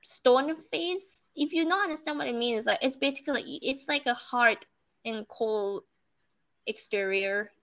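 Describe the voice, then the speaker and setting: A woman's voice: on the high side, normal speed, a bit bright. A young woman from Malaysia, chatting casually and telling stories with laughter and sarcastic asides. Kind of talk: casual chat.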